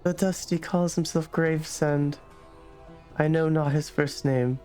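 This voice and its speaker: A man's voice: fairly high pitch, fairly even intonation, a little slow, faint music behind, pitched above the performer's own voice, lightly acted. A man voicing an anxious middle-aged woman who speaks hesitantly in an old-fashioned dialect. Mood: worried. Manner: hushed, hesitant, rough old-world dialect.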